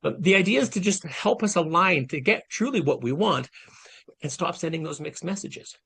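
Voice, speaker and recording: A man in his late fifties with a fairly high voice gives a motivational masterclass over a video call. He sounds earnest and conversational, talking straight to the people watching. The call audio carries his voice plainly. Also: lively intonation, normal speed, a bit bright, breathy edge. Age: 50s. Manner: earnest, conversational, addresses the audience directly. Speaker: guest speaker giving a masterclass. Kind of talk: motivational talk.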